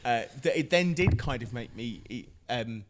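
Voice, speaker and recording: An animated middle-aged man talks as a podcast guest. His voice sits at a middle pitch, and he laughs between phrases and trips over his restarts. The talk is loose and casual. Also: a little slow, noisy background. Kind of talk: casual chat.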